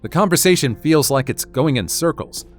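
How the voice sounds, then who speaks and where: A man narrating a video in a scripted, even voice-over. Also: fairly high pitch, normal speed.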